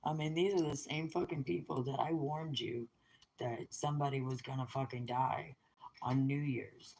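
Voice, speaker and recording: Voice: medium pitch, steady tone, normal speed, gravelly, a little mellow, a little hiss or hum, rough recording. A middle-aged vlogger delivering a blunt, scornful rant to the camera, swearing heavily throughout. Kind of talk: angry profane rant to camera.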